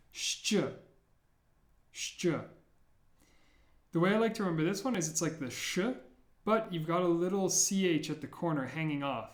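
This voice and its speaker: Slow, deliberate male language teacher. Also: a little high, echoey room. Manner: repeats each sound slowly, playful memory tricks. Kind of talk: slow, deliberate pronunciation lesson.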